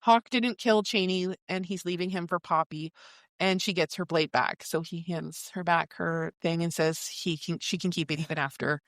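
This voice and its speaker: A woman's voice: lowish voice, normal speed, dry recording. A woman co-hosting a casual book club podcast, reading her notes and quotes from the book aloud and laughing often. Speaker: podcast co-host.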